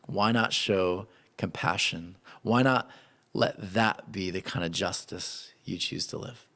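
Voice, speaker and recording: A man preaching a sermon in an animated, conversational way. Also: sits low, takes it slowly. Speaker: pastor.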